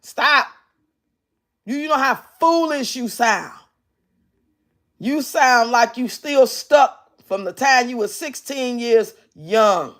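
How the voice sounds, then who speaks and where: A woman's voice: fairly high pitch, animated, takes it slowly, fairly bright tone. Brash, profane woman streamer. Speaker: livestream host reacting to clips. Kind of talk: blunt commentary and chat reading.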